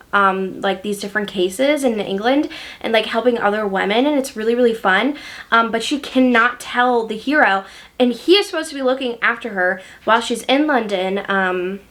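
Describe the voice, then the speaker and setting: A woman's voice: a little high, moderate pace, a bit bright. A woman chatting casually about books she loves, gushing and using many fillers. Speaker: book reviewer. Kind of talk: casual book review chat.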